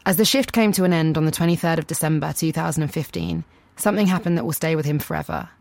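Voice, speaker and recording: A woman host giving a scripted narration in a measured, even delivery. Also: deep voice, gravelly, no room sound.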